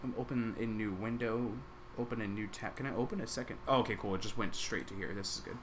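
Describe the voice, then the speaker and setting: A man's voice: on the low side, steady tone, quick pace, noisy background. A young man streaming live, rambling casually as he reacts to his chat and to videos, with lots of "like" and restarts.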